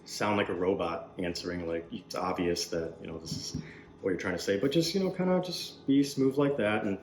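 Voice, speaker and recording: A man hosting a casual interview, asking relaxed, friendly questions and laughing easily. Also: low-pitched, a little fast, roomy sound, slight background noise. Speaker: host.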